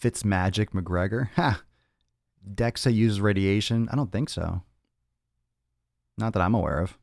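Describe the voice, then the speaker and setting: Man, very deep voice, dry close sound, blunt and profane, rambling fitness host answering questions. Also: measured pace, vocal fry, no echo. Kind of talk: casual livestream Q&A.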